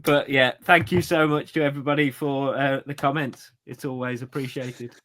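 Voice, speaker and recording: A man's voice: medium pitch, steady tone, moderate pace, a bit bright. A man, co-hosting a podcast in casual chat, with hesitant asides. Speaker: podcast co-host.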